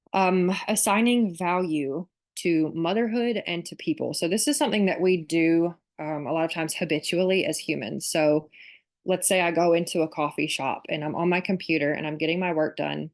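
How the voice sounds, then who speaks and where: Woman host, slightly low voice, relaxed chatty workshop talk over a computer mic. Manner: casual and reflective, with frequent "like" and "um". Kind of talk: conversational online workshop talk.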